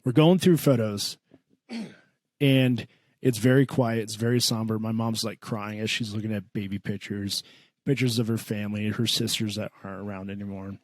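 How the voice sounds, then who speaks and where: A man co-hosting a comedy podcast, telling a family story in an animated, profane way. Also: moderate pace, no room sound, studio quality. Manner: animated, swears a lot, voices his mom in a high pitch. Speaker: podcast co-host.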